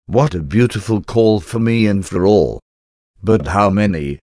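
Low-voiced man reading a reverent prayer. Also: warm tone, no room sound, clean studio sound. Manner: measured, reverent reading in short phrases. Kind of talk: reading a devotional prayer aloud.

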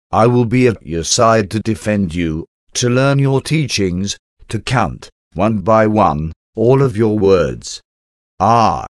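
Man, lowish voice, dry close sound, slow reverent prayer reading in short phrases. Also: no room sound. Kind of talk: reading a devotional prayer aloud.

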